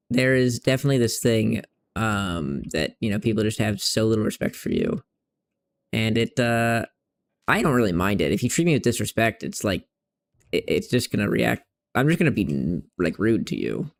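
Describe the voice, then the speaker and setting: Gravelly young man chatting while gaming. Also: lowish voice. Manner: rambling, frank, swears freely. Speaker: streamer. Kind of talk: casual gameplay chat.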